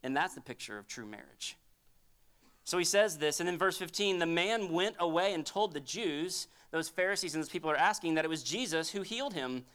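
A man's voice: a little high, expressive, a little fast, a bit bright, clean tone. A man preaching a sermon as a pastor, in a conversational, emphatic storytelling way.

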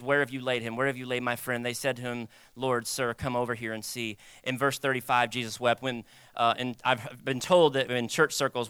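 A young man preaching a sermon in a conversational, animated way, acting out quoted voices. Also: medium pitch, clean tone, dry recording. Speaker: pastor.

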